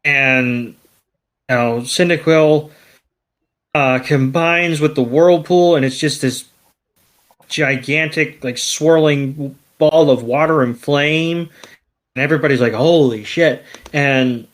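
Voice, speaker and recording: A man's voice: a little high, slow, a bit bright. A man co-hosting a podcast, retelling an episode in loose chat and swearing now and then. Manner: loose, profane storytelling. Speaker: podcast co-host. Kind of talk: casual episode recap chat.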